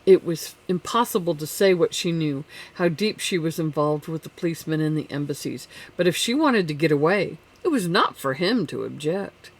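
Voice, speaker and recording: Audiobook narrator, measured classic-novel storytelling, mid pitch. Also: expressive.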